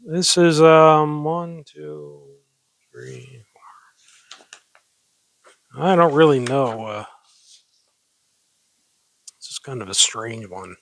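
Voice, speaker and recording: A man's voice: medium pitch, sing-song, extremely slow, pauses often, fairly bright tone, dry recording. A man casually reading public domain poems aloud, breaking off into rambling, self-mocking asides and stifled giggles. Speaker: amateur poetry reader.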